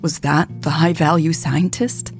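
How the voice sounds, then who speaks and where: A woman's voice: sits low, steady tone, measured pace, soft background music. A woman narrator voicing an impatient, incredulous woman in an audiobook.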